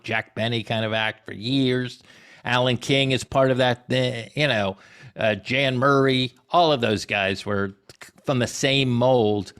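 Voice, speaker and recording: A man's voice: medium pitch, smooth. Digressive storytelling man. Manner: animated, digressive storytelling with restarts. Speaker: comedy historian guest. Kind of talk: conversational Q&A talk.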